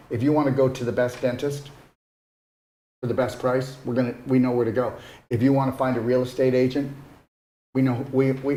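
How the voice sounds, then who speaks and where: A man's voice: medium pitch, a little mellow. A man giving a casual, earnest motivational talk as a wellness retreat host, coaxing his listeners and often checking in with "okay?". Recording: echoey room.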